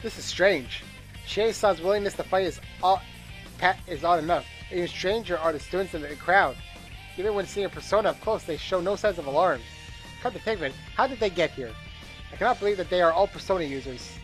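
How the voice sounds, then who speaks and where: Man, gameplay narration, bored deliberate reading, small slips, soft game music. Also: high-pitched. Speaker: gameplay commentator reading game text aloud. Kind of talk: reading a game's narration aloud with asides.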